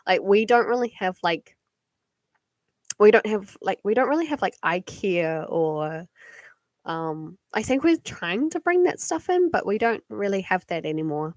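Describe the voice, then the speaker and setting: Speaking a little slowly in an expressive, medium-pitched voice, a young woman with a New Zealand accent chats to her livestream viewers while reading cards at home at night. She rambles, giggles and uses many fillers, and the sound is clean studio audio without room sound.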